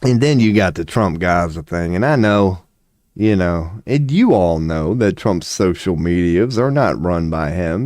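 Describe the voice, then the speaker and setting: A man's voice: low voice, a little mellow, dry recording, studio quality. A man giving a casual, profane, sarcastic rant, with short laughs between his points. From United States. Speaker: commentary vlogger. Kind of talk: casual ranting commentary.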